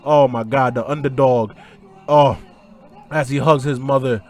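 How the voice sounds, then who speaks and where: A podcast host with a medium-pitched voice re-calls a wrestling match at an unhurried pace. He starts with excited play-by-play shouting, then turns emotional and hushed, his tone choked-up and tearful.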